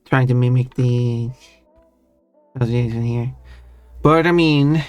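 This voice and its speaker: A man's voice: mid-range voice, takes it slowly, clear, resonant tone, no room sound. A man chats casually on a live stream and answers his viewers. He rambles and often restarts his words. His voice sounds close and dry, with faint chill music playing under it. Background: soft chill music.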